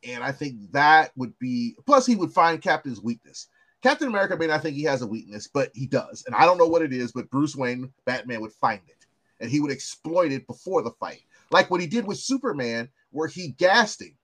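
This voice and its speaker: A man co-hosting a podcast in casual chat, animated and swearing freely, often repeating words. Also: fairly high pitch, fairly quick. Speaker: podcast co-host.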